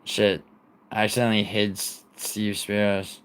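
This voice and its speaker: A young man in his twenties talks off the cuff on a livestream, swearing freely and trailing off into restarts. His voice sits fairly low, and he answers chat messages as they come in. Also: level tone, normal speed, clean tone. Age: 20s. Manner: rambling, profane, reads and answers chat. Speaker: livestream host.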